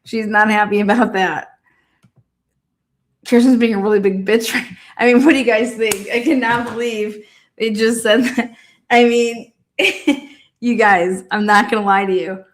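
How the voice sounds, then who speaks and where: A fairly high-pitched woman comments on a trial in a loose, chatty way. She swears freely, laughs often, and speaks directly to her viewers. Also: a little slow, long pauses. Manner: animated, profane, laughs often. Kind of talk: casual live commentary.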